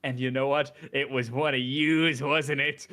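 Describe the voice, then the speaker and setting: A man's voice: mid-range voice, flat delivery, measured pace, pushed and bright. A man voicing a pompous, self-styled woman detective and politician, with a theatrical, grandiose manner.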